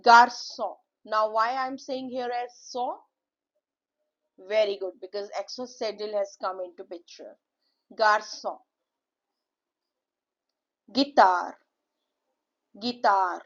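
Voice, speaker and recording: A woman teaching French pronunciation in a slow lesson, repeating each word with drawn-out model pronunciations. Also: mid-range voice, fairly even intonation, fairly bright tone, lo-fi sound.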